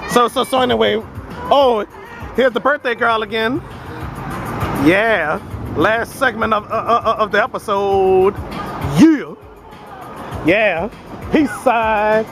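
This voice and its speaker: A man's voice: high voice, takes it slowly, pauses often, low-quality recording. A man hosting his own casual live-stream show from a family birthday party, rambling and stammering as he keeps talking to viewers. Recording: party music and crowd chatter behind.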